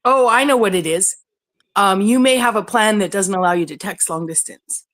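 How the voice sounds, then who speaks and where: A woman's voice: mid-range voice, normal speed, fairly bright tone, no room sound. A woman in casual voice chat, chatty and playful, laughing often.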